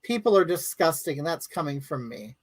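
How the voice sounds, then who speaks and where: A woman's voice: low voice, animated, fairly quick, husky, rough recording. A woman hosting a live stream from home, chatting casually and bluntly with viewers and reading out their comments in a rambling, crude way.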